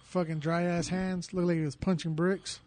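A man chiming in with quick jokes during a casual chat. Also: high voice, little pitch movement, a little mellow, no echo. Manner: quick joking interjections.

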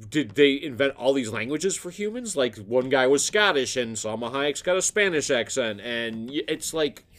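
A man's voice: medium pitch, expressive, moderate pace, fairly bright tone. A man co-hosting a podcast in casual chat, rambling with frequent restarts. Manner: rambling, restarts and self-corrections. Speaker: podcast co-host.

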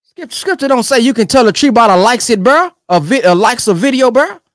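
A young man giving emphatic, animated commentary on a sermon clip he is reacting to. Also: very high-pitched, a little fast, no room sound, studio quality. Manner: animated and emphatic, keeps urging "come on, man". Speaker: online commentator.

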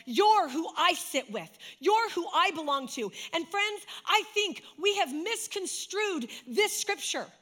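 A woman preaching a sermon with passion, sinking to a soft hush when she retells a story. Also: extremely high pitch. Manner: impassioned, dropping to a soft hush for dramatic retellings. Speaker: speaker. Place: church.

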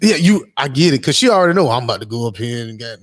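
Man co-host, casual chat, jokey animated storyteller, close dry sound. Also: medium pitch, quick pace, no room sound. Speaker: podcast co-host.

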